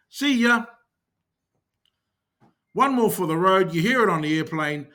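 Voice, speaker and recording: A man's voice: high voice, animated, normal speed, fairly bright tone. Upbeat New Zealand man coaching phrases. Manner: coaching, repeats phrases for the listener to copy. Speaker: language teacher. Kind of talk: scripted language lesson.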